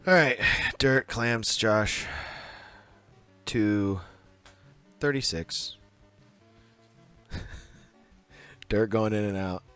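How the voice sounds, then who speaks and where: A man's voice: lowish voice, sharp tone, clear, resonant tone, faint music behind. Giggly podcast guy on a video call. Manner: giggly, retells scenes doing quick voices. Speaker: podcast co-host. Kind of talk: casual chat.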